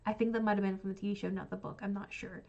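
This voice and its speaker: A woman's voice: mid-range voice, little pitch movement, racing, dark tone, dull audio. A woman casually ranking books she has read on a stream, rambling with many fillers. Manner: rambling, frequent ums and likes. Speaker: book streamer. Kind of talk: casual book ranking chat.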